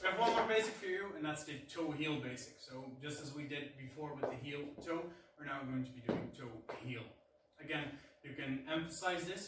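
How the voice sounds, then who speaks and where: A man teaching a dance class counts the beats and scats the rhythm of each step. His voice sits a little high and comes from across a very echoey room, picked up by a distant mic. A loud steady hiss lies under everything. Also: fairly quick. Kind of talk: counting and explaining dance steps. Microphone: far camera mic.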